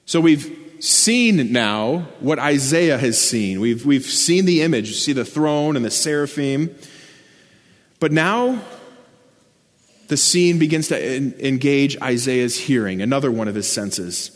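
A man's voice: medium pitch, expressive, measured pace. A man preaching a sermon, earnest and explanatory, lifting his voice to stress key words. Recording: long church reverb.

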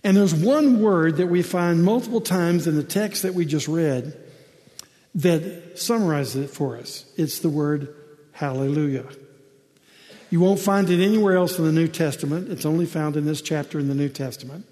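Mellow pastor preaching in a reverberant hall. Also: male voice, a little high, moderate pace. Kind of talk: sermon with prayer and scripture reading. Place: church sanctuary. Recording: long reverb of a large hall.

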